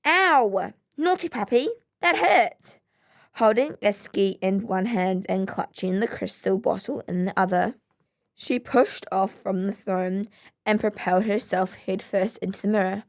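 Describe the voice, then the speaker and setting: A woman reading a children's story aloud in a measured, expressive way. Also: medium pitch.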